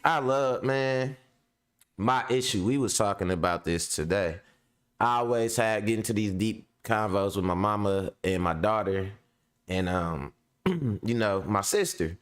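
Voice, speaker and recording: Laid-back slangy man with a smooth low voice. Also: lively intonation, measured pace. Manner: laid-back, slangy, laughs often, repeats "you know what I'm saying". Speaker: show host. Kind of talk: casual monologue to a live audience.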